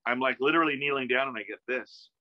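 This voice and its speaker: A man, a musician guest in a casual interview, telling an animated story that acts out quoted dialogue, with many restarts, heard over a video call. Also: medium pitch, quick pace, no echo. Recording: dull, dry video-call audio.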